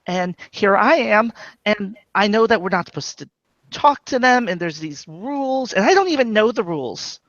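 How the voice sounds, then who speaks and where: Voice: medium pitch, expressive, normal speed, fairly bright tone, no echo, highs cut off. A player in a tabletop role-playing game, rambling and flustered while speaking in character. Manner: rambling, flustered, repeats words.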